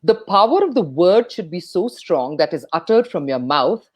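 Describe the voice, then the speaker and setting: A woman talks as a guest about public speaking. Her pitch swings widely, high then low, as she plays up rhythm and pauses. She speaks like a trained radio voice. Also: very animated. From India. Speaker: guest, speech coach and radio jockey. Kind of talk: enthusiastic interview talk.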